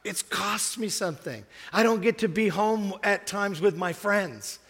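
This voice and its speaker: An older man preaching a sermon, telling a story in a lively way and surging into loud emphatic bursts as he acts out what people said. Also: sits high, unhurried, long reverb tail.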